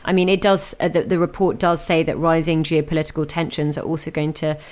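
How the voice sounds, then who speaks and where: A woman speaking as a panelist on a news discussion podcast, measured and thoughtful. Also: deep voice, flat delivery, darkish tone.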